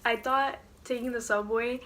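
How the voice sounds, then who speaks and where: At night in her dorm room, a young adult woman films a casual story time vlog, retelling events with animation and lots of filler words like "like." Her voice is a little high, and she talks at a moderate pace.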